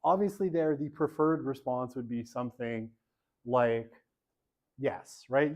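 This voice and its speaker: A man's voice: medium pitch, unhurried, a little mellow. Chatty man giving a classroom lecture. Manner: chatty, self-deprecating, fills with "right?" and "okay". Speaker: university lecturer.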